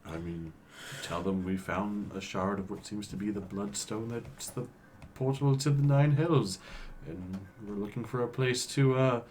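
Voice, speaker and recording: A man's voice: fairly low pitch, a little slow, a little mellow, a little hiss or hum. A man chatting casually as a player in a tabletop game. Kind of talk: casual tabletop play chat.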